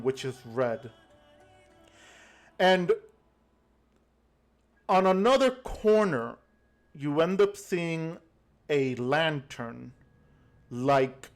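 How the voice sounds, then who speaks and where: A man narrating as game master of a tabletop game, slow and halting with many fillers. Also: a little high.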